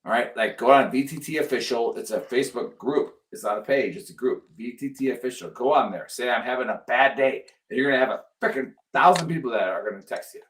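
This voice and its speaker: A man's voice: medium pitch, fast talker, few pauses. Earnest man pleading with listeners. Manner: earnest, pleading, repeats himself for emphasis. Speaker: podcast host. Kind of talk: casual chat.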